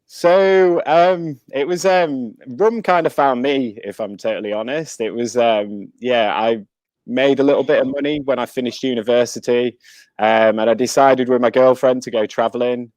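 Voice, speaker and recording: A man speaking as a guest in a casual webinar interview, telling his story in a relaxed way with frequent ums. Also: mid-range voice, normal speed, dry recording. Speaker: guest speaker, rum company director.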